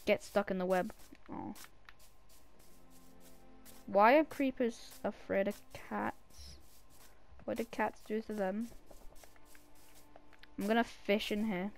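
A male gaming creator giving casual gameplay commentary from a desk mic, chatty, with sudden excited shouts at an in-game cat. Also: sits high, slow, gravelly, long pauses, faint music behind.

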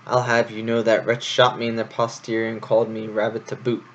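A man's voice: lowish voice, monotone, brisk, fairly bright tone, a little hiss or hum, natural voice. Man doing a pompous blustering hare. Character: pompous blustering male hare, circus leader. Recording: dull lo-fi home recording.

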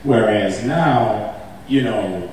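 A man's voice: fairly low pitch, very slow, a little hiss or hum. Laughing man telling stories in an echoey hall. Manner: animated, laughing, acts out quotes with a raised voice. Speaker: actor on a convention stage panel. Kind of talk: casual storytelling on stage. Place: large convention hall. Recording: echoey hall, mic heard from a distance.

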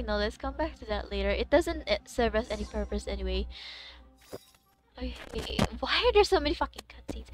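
High, lively young woman streaming a game. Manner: excitable, swears freely, gasps and shrieks in surprise. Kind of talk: casual live game-stream chat.

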